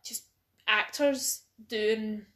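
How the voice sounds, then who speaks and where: A woman's voice: medium pitch, steady tone, drawn-out words, pushed and bright. A young Scottish woman co-hosting a podcast, chatting casually, often laughing and swearing. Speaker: podcast co-host. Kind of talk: casual chat.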